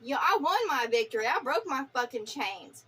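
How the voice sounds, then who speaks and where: A woman's voice: high voice, big pitch swings, brisk, a bit bright, a little hiss or hum. A woman vlogger delivering an impassioned, profane spiritual rant, fiery, preachy and defiant.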